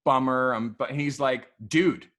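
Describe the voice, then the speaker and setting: A man telling stories about his photography work in a casual, animated way, swearing freely and acting out what people said. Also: mid-range voice, unhurried. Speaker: photographer guest. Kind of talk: casual storytelling. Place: podcast studio.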